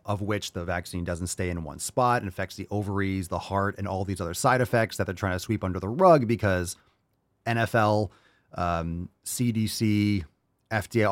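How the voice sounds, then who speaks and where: A fiery man holds forth on his podcast, swearing freely and mocking the views he argues against. His voice sits on the low side, and the sound is close and dry, with no room around it. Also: no room sound. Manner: profane, heated ranting with mocking asides. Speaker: podcast host. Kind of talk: opinionated podcast monologue.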